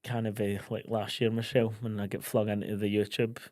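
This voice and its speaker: Scottish male co-host, young, chatty and playful, lowish voice, dry studio sound. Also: flat delivery, fairly quick, darkish tone, no room sound. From Scotland. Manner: chatty, jokey, acts out quoted exchanges. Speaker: podcast co-host. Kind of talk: casual chat.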